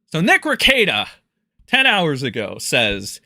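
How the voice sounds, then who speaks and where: A man's voice: fairly high pitch, big pitch swings, measured pace, a bit bright, no room sound, clean studio sound. A man doing profane live-stream commentary, mocking and crude, swearing and laughing often.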